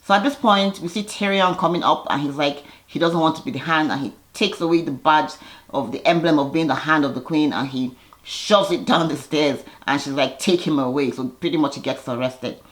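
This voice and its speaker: A woman casually retelling a TV episode in a chatty, animated way, slipping into quick impressions of the characters. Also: deep voice. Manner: chatty, with frequent restarts and fillers. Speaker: TV episode recapper.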